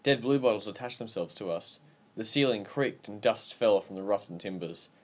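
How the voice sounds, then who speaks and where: A man narrating a story aloud in a steady, even storytelling manner. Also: fairly low pitch, normal speed. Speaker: audiobook narrator. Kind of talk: scripted narration.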